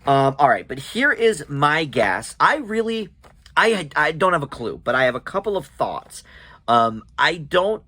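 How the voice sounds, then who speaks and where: A man's voice: mid-range voice, bright, forceful tone, no echo. A man chatting casually as he recaps and reviews a TV episode, with many ums and restarts.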